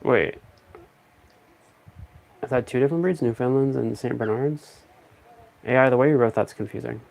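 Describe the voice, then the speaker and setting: A man talks in a loose, rambling casual chat, thinking out loud as he goes. His voice has a gravelly edge and sits at an ordinary pitch for a man. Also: normal speed. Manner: rambling, relaxed, thinks aloud.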